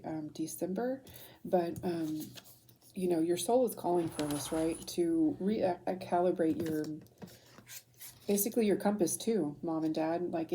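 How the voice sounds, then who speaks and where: Woman in her 30s doing a tarot reading, rambly and a bit choked up, dark mellow voice, lowish. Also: slight background noise. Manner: rambling, emotional, frequent fillers and restarts. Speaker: tarot reader. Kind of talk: casual intuitive reading.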